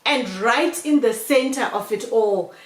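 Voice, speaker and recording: Animated woman in a roomy echo. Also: on the high side, measured pace. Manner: animated storyteller who keeps addressing viewers as "guys". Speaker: vlogger. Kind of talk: storytime vlog.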